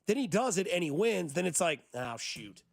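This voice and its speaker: A male sports radio host rants and riffs in an animated, teasing way. His voice sits a bit high for a man. The studio sound is close and dry, with no room around it. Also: brisk, gravelly, dry recording. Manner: animated, riffing, teasing the listeners. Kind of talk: morning sports talk radio. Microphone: studio mic.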